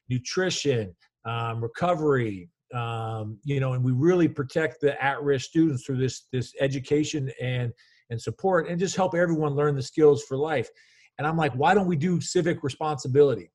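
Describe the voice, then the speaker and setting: A man in his fifties, a college basketball coach, telling stories in an energetic, rambling way with many restarts. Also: mid-range voice. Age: 50s. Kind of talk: casual storytelling interview.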